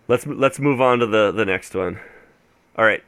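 A man co-hosting a podcast in a slightly low, bright voice, recorded dry and close. He hedges his opinions and stumbles through restarts before landing on a point. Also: moderate pace, no room sound. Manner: hesitant, hedging, many restarts. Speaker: podcast co-host. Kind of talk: casual chat about a card game.

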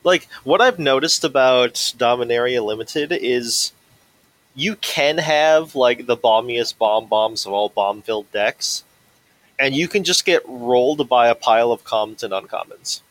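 A man's voice: medium pitch, a little slow, a bit bright, dry recording, rough recording. A young man co-hosting a casual podcast, with dry, joking remarks. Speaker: podcast co-host. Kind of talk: casual chat.

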